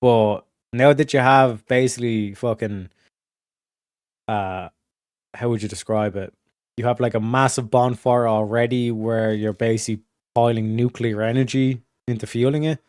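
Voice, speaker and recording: A man's voice: fairly even intonation, moderate pace, darkish tone, clean tone, no room sound. Guy streaming, rambles a lot, swears nonstop, lots of likes and you-knows, flips between pushy and mumbly, dry close sound. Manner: profane, filler-heavy, restarts often; swings from emphatic to low muttered asides. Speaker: streamer hosting a study session. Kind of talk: casual rambling monologue.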